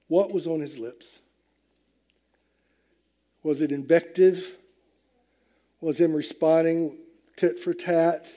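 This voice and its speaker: A man's voice: fairly high pitch, warm tone. A man preaching a sermon to his congregation, emphatic, swelling and dropping with the message. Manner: emphatic, rising and falling with the message. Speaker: pastor.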